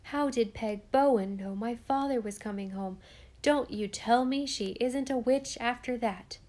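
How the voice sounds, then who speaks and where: A woman's voice: fairly high pitch, unhurried, darkish tone, close to an everyday voice. A woman reading the lines of a solemn, earnest young farm boy who talks in plain rustic speech.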